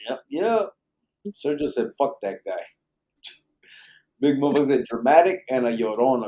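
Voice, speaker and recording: A man's voice: mid-range voice, a little mellow. A middle-aged man hosting a live late-night podcast, reading viewer comments in a laid-back, profane, joking way. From Arizona. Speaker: podcast host.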